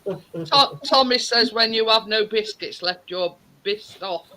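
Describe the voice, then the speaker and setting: High, bright-voiced man. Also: slow pace, low-quality recording. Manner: chatty, laughs often, drops "the". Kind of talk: casual chat.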